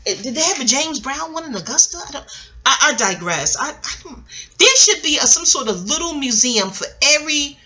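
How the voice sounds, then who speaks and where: This woman's voice sits high with a sing-song lilt and a sharp edge, moving at a moderate pace. She's a middle-aged American vlogger who hops from tangent to tangent, cursing without restraint in casual, rambling talk.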